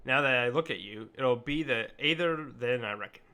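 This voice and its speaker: A man's voice: mid-range voice, moderate pace, bright, forceful tone, close to an everyday voice. A man reading as a folksy ship peddler. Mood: reassuring chatty. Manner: reading game dialogue aloud in a homespun, colloquial way. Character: folksy male ship peddler, chatty and reassuring.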